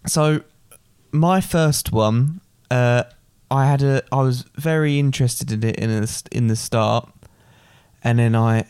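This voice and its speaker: A man with a mid-range voice talks and reads his own fairy tale in a relaxed, slightly halting way. The recording is dry and close. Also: mid-range voice, clean tone, no echo. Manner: relaxed, loose and a little halting. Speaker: co-host and storyteller. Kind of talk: casual chat and reading his own story.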